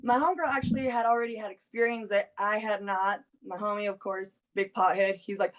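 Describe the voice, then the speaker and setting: A woman in her thirties telling a lively personal story in casual chat, laughing often and acting out what her friends said. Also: mid-range voice, fairly quick, few pauses. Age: 30s. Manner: animated, laughs often, acts out friends' lines. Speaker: guest.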